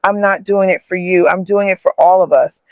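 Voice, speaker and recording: A man's voice: high voice, fairly even intonation, normal speed, no echo. A man voicing a grown son who speaks earnestly and from the heart.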